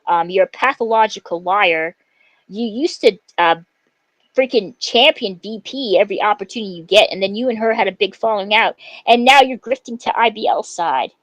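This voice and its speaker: A woman's voice: medium pitch, moderate pace, no room sound, poor audio. Woman, livestreamer, heated and profane, lots of fillers, dry close sound. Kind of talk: angry livestream rant at a rival.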